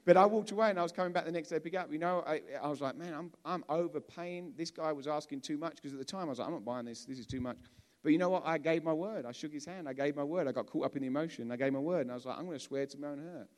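A man from England gives a sermon in a loose, talkative manner, circling back and repeating himself as he works through a point. His voice sits a touch higher than most men's, and he speaks as if to a congregation in a church hall. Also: very fast, hardly any pauses. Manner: conversational, with frequent restarts and repeated words. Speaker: preacher.

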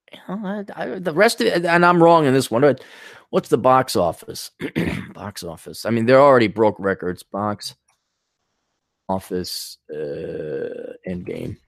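A man's voice: mid-range voice, animated, slow, gravelly, long pauses, no room sound, studio quality. Profane, blunt man ranting on a podcast. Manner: loose, digressive, with frequent restarts. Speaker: podcast host. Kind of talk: solo podcast rant.

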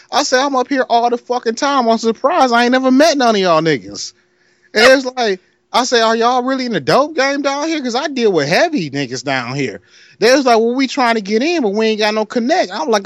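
A man with a Detroit accent and a notably high voice tells a rambling story. He plays the other voices as he goes, and the sound is dry and close. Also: no room sound. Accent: Detroit, Michigan. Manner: animated storyteller, acts out other voices, laughs often. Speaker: podcast co-host telling a story. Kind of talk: casual storytelling chat.

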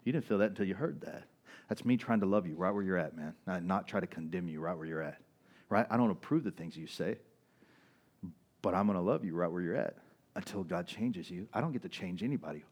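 A man preaching a sermon as pastor, in a conversational style with frequent "right?" asides, moving between loud, raised passages and quiet, low stretches. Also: fairly quick.

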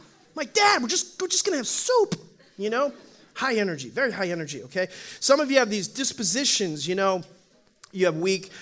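Bright-voiced pastor telling stories. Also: male voice, sits high. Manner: animated storytelling, acts out voices, laughs often. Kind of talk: humorous sermon. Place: church.

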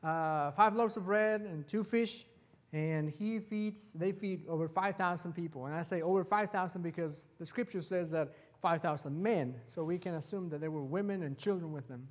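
High-voiced pastor preaching in a reverberant church. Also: male voice, moderate pace. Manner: animated storytelling, acting out quoted lines. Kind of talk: sermon. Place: church sanctuary.

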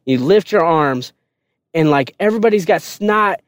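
A man telling basic training stories in a casual, profane and animated way on a podcast. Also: a little high, moderate pace, no room sound. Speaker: podcast guest storyteller. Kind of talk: casual storytelling.

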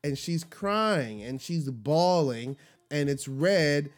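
A young man hosting a podcast, telling a personal story in an emphatic way and slowing down to stress words. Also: a little high, animated. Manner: emphatic, slows down to stress words when upset. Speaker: podcast host.

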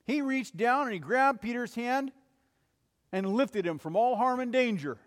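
A man preaching a sermon in an earnest way, rising to urgent appeals and falling to soft, low passages. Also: lively intonation, a little slow, in a large hall. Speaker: pastor.

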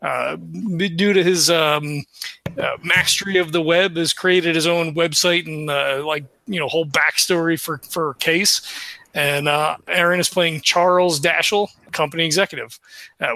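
A man's voice: on the high side, a little slow, vocal fry, bright, forceful tone, no room sound. A man casually recapping the last session of a tabletop game for a podcast, loose and full of fillers. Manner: loose, filler-heavy, laughs easily.

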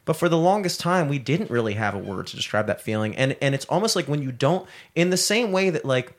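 A man's voice: mid-range voice, sing-song, brisk. A young man in casual podcast chat, rambling with many fillers and crude humor.

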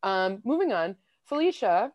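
A woman's voice: medium pitch, very animated, normal speed, no room sound, lo-fi sound. A woman co-hosting a comedy podcast, talking in a playful, goofy way. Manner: playful and goofy, bursts into loud bits. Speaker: podcast co-host. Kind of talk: casual comedy podcast chat.

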